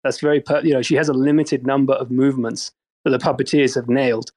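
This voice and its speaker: A man from England joking in a deadpan, mock-serious way in an online audio chat. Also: medium pitch, fast talker.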